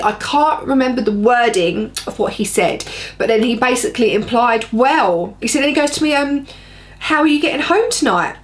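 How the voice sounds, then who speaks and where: A woman, telling a personal story to camera in a blunt, chatty, rambling way. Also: a little high. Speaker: vlogger.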